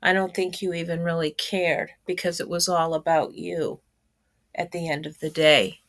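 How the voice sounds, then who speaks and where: A woman's voice: lowish voice, steady tone, moderate pace, no echo. A woman giving reaction commentary on a YouTube channel, blunt and indignant, swearing freely.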